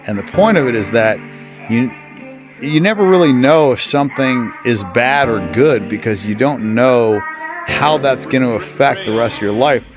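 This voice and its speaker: A man calmly telling a parable in a casual way. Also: mid-range voice, moderate pace. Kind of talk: casual storytelling. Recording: clear music behind the voice.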